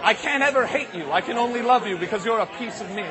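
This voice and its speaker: A man putting on a proud, stern father with a voice dropped low and slow, grave and weighty. He swells into booming fury at times. An audience murmurs around the voice. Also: a crowd in the background, lightly acted, low-quality recording. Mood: solemn. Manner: slow, grave, then bellowing in rage. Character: stern, proud middle-aged father, deep and solemn.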